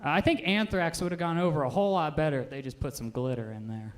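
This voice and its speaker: A man in his twenties doing a stand-up set, with an offhand, deadpan delivery full of "um"s. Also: a little high, fast talker. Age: 20s. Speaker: stand-up comedian. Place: live comedy stage.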